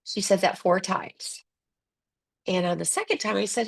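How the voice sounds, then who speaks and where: A woman's voice: mid-range voice, normal speed, creaky, slightly rough. A woman coach giving a webinar talk in an earnest, conversational way, acting out quotes and using many fillers. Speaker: ADHD coach presenting a webinar. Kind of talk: webinar presentation.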